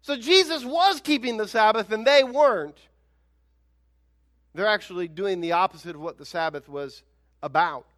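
A male pastor preaching a sermon in an animated, conversational way, with emphatic rhetorical questions. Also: high voice, moderate pace.

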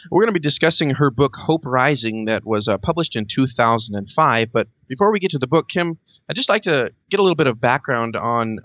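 Guy hosting an interview, measured friendly questions, mid pitch, kinda muffled lo-fi sound. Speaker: interview host. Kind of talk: scripted radio-style interview intro. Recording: dull, dry lo-fi sound.

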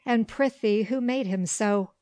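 A woman voicing a proud boy king who speaks in sharp, commanding tones in an audiobook. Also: on the high side, measured pace, dry recording, close to an everyday voice. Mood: imperious.

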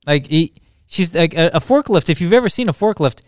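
A man's voice: on the high side, animated, a little fast, no echo, studio quality. A man chatting casually on a podcast, rambling and correcting himself as he jokes along. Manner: rambling, self-correcting, joking. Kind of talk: casual chat.

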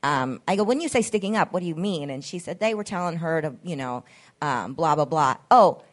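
A woman's voice: low voice, expressive, fairly quick. A woman hosting a podcast, telling a story in casual chat, acting out the quoted voices and swearing freely. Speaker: podcast host.

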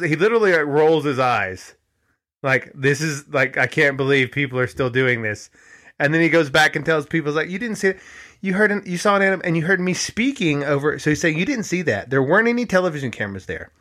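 Bright-voiced man rambling on a podcast. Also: fairly high pitch. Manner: rambling, restarts, animated quoting of others. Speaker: podcast host. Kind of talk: conspiratorial casual monologue.

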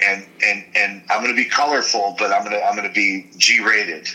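Bright-voiced blunt man telling stories. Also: fairly low pitch, moderate pace, hardly any pauses, rough recording. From Michigan. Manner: animated, blunt storyteller. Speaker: former football player, guest. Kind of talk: storytelling interview.

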